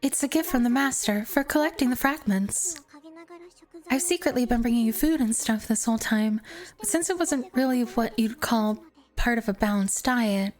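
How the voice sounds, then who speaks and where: A woman's voice: on the high side, expressive, normal speed, darkish tone, pitched above the performer's own voice, lightly acted. Woman playing a shy, nervous little girl who stammers. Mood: earnest. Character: timid, nervous young girl servant. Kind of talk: reading a visual novel aloud.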